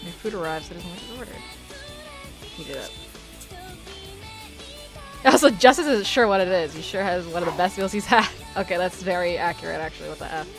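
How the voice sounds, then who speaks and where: A woman giving excitable, foul-mouthed commentary on a life-sim game, squealing and shouting at what happens. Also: on the low side, fairly quick, pauses often, music in the background. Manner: excitable, swears a lot, squeals and shouts in bursts. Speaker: gamer.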